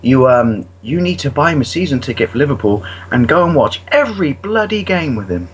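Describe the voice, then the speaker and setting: A man's voice: mid-range voice, big pitch swings, fairly quick, slight background noise, poor audio. A man co-hosting a podcast, teasing his friend with mocking jokes. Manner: mocking, jokey. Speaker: podcast co-host. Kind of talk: teasing banter.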